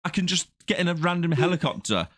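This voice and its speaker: A man co-hosting a podcast, trading casual, sweary, animated banter about a film and laughing often. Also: fairly high pitch, fast, no echo. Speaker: podcast co-host.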